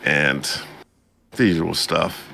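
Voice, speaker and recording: A man co-hosting a podcast, casually retelling an anime episode and jumping into high-pitched voices for the characters. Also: slow pace, gravelly, pushed and bright, a little hiss or hum. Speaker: podcast co-host. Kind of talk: casual anime recap chat.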